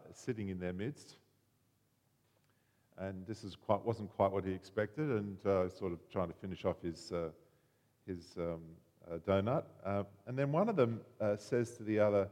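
A man preaching a sermon, telling a story in an animated way and acting out the voices. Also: fairly low pitch, in a large hall.

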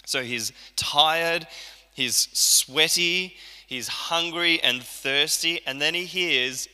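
Aussie pastor preaching casual-style, super bright voice, big echoey hall. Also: male voice, fairly high pitch, takes it slowly, clean tone. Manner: conversational preaching, acts out quoted lines. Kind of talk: sermon. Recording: church hall reverb.

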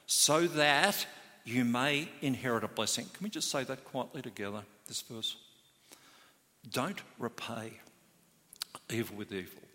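A man's voice: mid-range voice, bright, forceful tone. A man preaching a sermon as pastor, earnest and emphatic, stressing key words. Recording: hall reverb.

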